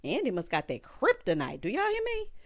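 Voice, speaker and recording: A woman giving a casual recap of a TV episode with sassy, animated asides. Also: fairly high pitch, a little fast. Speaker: TV show recap reviewer.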